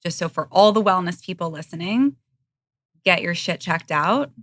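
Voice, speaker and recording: A woman's voice: on the low side, lively intonation, normal speed, fairly bright tone, no room sound. A woman in her thirties, a podcast guest speaking openly and frankly in conversation. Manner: open, frank, occasionally blunt. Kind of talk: candid conversational interview. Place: podcast studio.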